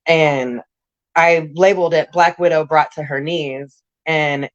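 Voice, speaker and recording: A woman's voice: low voice, steady tone, slow, dull audio. A woman telling her life story in a casual interview, blunt and raw, rambling with restarts.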